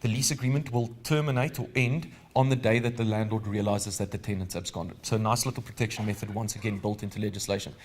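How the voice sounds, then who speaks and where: A man's voice: on the low side, steady tone, fast talker, hardly any pauses, slight background noise. A man with a South African accent leading a live legal training seminar, explaining rules conversationally and quizzing the audience with questions.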